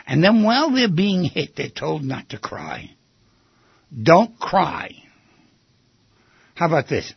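A man giving an animated talk, firing off rhetorical questions and acting out quoted voices, on a slightly muffled lo-fi recording. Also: on the high side, gravelly, husky, no room sound. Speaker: speaker giving a talk on relationships. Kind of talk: animated lecture to an audience.

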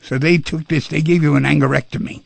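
A man's voice: a little high, fairly even intonation, fast, vocal fry, no room sound. A man hosting a call-in radio show, coaching a caller in a pushy, coaxing way and repeating his commands. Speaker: radio host.

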